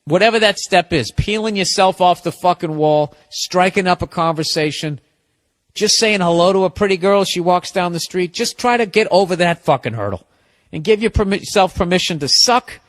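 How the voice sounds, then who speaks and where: A man's voice: sits high, normal speed. A man hosting a podcast, giving listeners blunt advice in a profane, sarcastic comedic rant.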